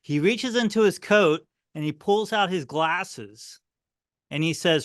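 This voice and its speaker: A middle-aged man telling history as an interview guest, animated and earnest as he talks. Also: high-pitched, slow pace, no echo, studio quality. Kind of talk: interview answer, storytelling.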